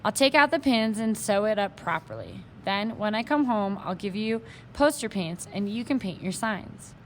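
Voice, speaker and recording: An excitable young boy from a storybook read-aloud, voice jumping high with eagerness, as a woman reader puts him on. A faint hiss of noise sits under the reading. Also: moderate pace, natural voice. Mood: eager.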